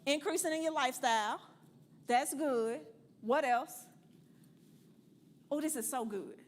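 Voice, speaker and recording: A woman's voice: sits high, measured pace. Blunt, playful woman teaching a money class. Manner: blunt, playful, preachy, calls and asks the room. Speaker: financial class teacher at a church. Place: church classroom with a group.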